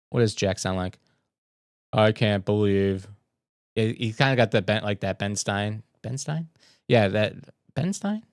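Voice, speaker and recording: A man's voice: fairly low pitch, expressive, moderate pace, long pauses, no room sound, studio quality. A man hosting a casual political news livestream, sarcastic and mocking as he reads posts aloud and comments on them. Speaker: livestream host.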